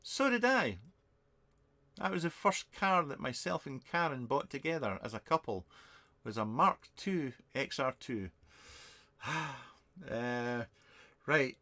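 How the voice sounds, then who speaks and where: Middle-aged-plus British bloke, webcam live stream, casual and rambling, sarcastic with self-deprecating asides. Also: male voice, mid-range voice, lively intonation, takes it slowly, bright, forceful tone. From Britain. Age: over 50. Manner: rambling, self-mocking and sarcastic, many fillers. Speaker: vape reviewer and channel host. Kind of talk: casual live-stream chat answering viewer questions. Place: home shed.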